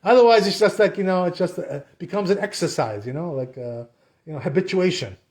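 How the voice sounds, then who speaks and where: A man with a fairly high voice leads a relaxed Torah lesson and talks straight to his listeners. He keeps it conversational, drops "you know" into nearly every sentence, and acts out what people say. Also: a little fast. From Sephardic Jewish community. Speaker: Torah teacher. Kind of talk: casual Torah class.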